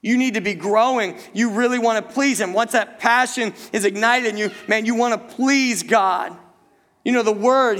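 A fairly bright, high-for-a-man voice carries this pastor's sermon through a church sanctuary, each line trailed by long hall reverb. He repeatedly turns rhetorical questions on the congregation and restarts his phrases.

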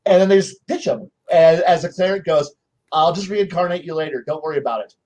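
A man on a game-master panel telling stories about his players in casual chat, acting out their lines in quick voices. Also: a little high, a little mellow, low-quality recording.

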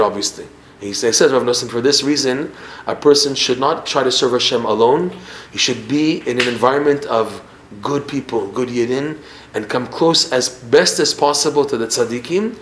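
Male Torah teacher, mid-range voice, animated and repetitive; roomy echo. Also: medium pitch, a little hiss or hum. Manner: animated, acts out examples, repeats himself. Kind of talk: Torah class. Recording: roomy echo with faint ambience.

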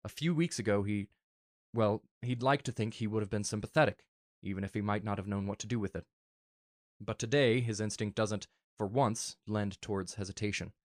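A man earnestly reading a fan story aloud in a soft, emotional way. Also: lowish voice, a little fast, no room sound, clean studio sound. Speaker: narrator.

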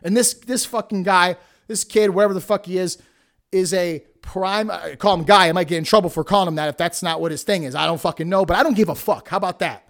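A man's voice: high-pitched, fairly even intonation, a little fast, fairly bright tone. Blunt, foul-mouthed man ranting. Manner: blunt, heated, heavy swearing. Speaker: podcast host and wrestling promoter. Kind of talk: profane solo podcast rant.

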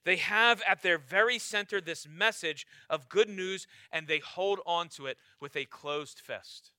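A man preaching a sermon as pastor, emphatic and repetitive, swinging from loud urging to quiet low lines. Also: measured pace, clear, resonant tone, dry recording, studio quality.

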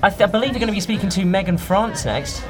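A woman's voice: medium pitch, expressive, fast talker, over music. A woman co-hosting a live event show, chatty and enthusiastic. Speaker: studio co-host.

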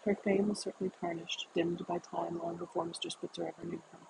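Measured audiobook reader, gravelly voice, noisy recording. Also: mid-range voice, little pitch movement. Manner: measured, deliberate reading with occasional restarts. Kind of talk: literary novel reading.

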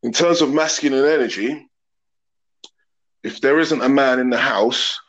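A man's voice: mid-range voice, measured pace, a bit bright, poor audio. A man, a podcast guest talking openly and earnestly in long reflective thoughts. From England. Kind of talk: open casual conversation.

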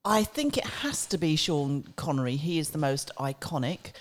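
A woman co-hosting a casual podcast, encouraging the guest and joining in easily. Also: sits low. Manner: lively, encouraging, quick to laugh along. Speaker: podcast co-host.

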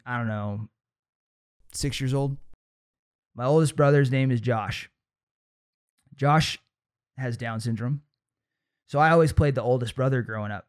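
Casual storytelling man on a podcast. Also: mid-range voice. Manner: casual storytelling, laughs often; acts out quoted voices of family. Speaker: podcast host. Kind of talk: motivational podcast talk.

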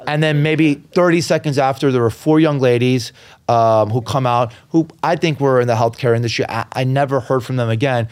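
A man's voice: mid-range voice, brisk, a little mellow, clean tone. A middle-aged man from New York City, a podcast guest, telling a long story in rambling casual talk with many fillers and curse words. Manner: rambling, many fillers and restarts, swears freely.

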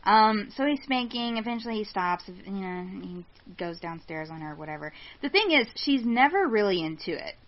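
Woman co-host, blunt and profane storyteller, mid pitch, lo-fi sound. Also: lively intonation, normal speed, few pauses. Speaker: podcast co-host. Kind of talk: casual storytelling chat. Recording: dull lo-fi sound.

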